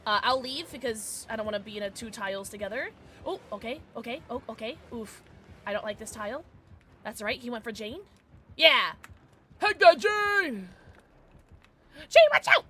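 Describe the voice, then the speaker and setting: A young woman streaming a game live, chatting excitably with her viewers and reacting to the action. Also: a little high, fairly quick, a little hiss or hum. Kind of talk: casual gaming livestream chat.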